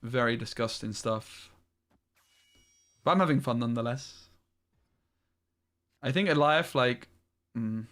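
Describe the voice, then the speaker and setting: A man's voice: medium pitch, a little slow, long pauses, fairly bright tone. Man muttering through a card game. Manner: thinks aloud, frustrated, swears often. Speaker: streamer. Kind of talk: live-streamed gameplay commentary.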